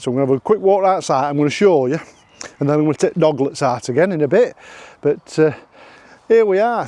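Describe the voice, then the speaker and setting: A man's voice: on the high side, dark tone, dry recording. A middle-aged man with a Yorkshire accent, chatting jokily in a casual travel vlog from a campsite, filming himself on a handheld phone and repeating his phrases. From Yorkshire, England. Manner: chatty, jokey, repeats phrases, laughs often. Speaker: vlogger. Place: outdoors at a campsite.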